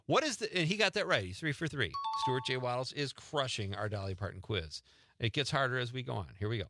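Lively-voiced male radio host. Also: medium pitch, quick pace, music in the background. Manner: joking, laughs often, reads quiz questions. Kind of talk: casual radio chat and quiz.

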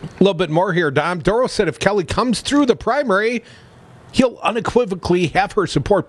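A man's voice: sits high, breathy edge. A man co-hosting a political talk radio show, reading the news with sarcastic asides. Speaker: radio co-host.

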